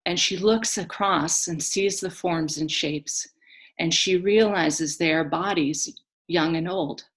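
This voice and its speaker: A woman telling a myth in a slow, solemn, dramatic storytelling manner. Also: fairly low pitch. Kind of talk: mythic storytelling.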